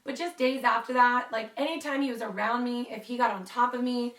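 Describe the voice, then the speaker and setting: Brief: young woman vlogger, storytime chat, high-ish voice, a bit off-mic in a roomy space. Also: a little fast, recorded from a distance. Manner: chatty, animated, lots of "like". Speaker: YouTuber telling a story. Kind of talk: casual storytime vlog.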